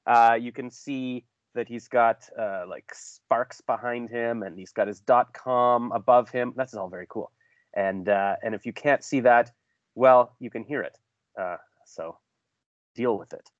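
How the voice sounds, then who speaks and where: A man's voice: medium pitch, no echo, muffled recording. A man hosting a casual interview over a video call, rambling and joking at his own expense. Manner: rambling, self-deprecating, jokey. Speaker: podcast host.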